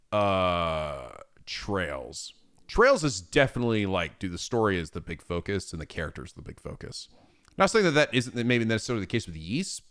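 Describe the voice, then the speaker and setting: Lively, low-voiced male streamer. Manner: profane, laughing, animated. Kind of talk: casual livestream chat reading viewer messages.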